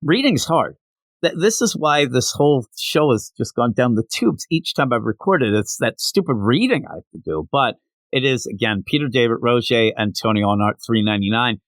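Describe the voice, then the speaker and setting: A man's voice: medium pitch, lively intonation, moderate pace, fairly bright tone, no room sound. A man reviewing comics in a casual solo show, ranting and sarcastic, tired from not sleeping.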